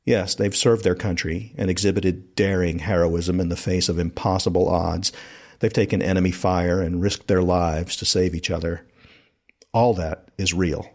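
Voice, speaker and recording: A man with a low voice narrates a podcast in a relaxed, storytelling way. He is from South Carolina and talks to listeners as if recounting a trip with friends. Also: normal speed. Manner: conversational storytelling. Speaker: podcast host.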